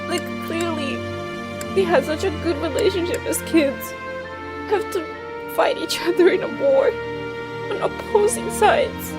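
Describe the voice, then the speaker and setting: A woman streaming a game, giving emotional, excitable let's play commentary. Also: very high voice, measured pace, long pauses, over loud music. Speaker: streamer and host.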